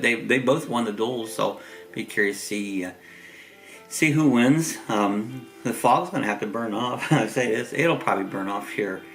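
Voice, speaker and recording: A man's voice: fairly low pitch, vocal fry, a bit bright, low-quality recording. A middle-aged man from Ohio with a Southern Ohio accent, hosting a rambling, easygoing casual chat while congested from a chest cold. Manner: rambling, easygoing, chuckles often. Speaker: host.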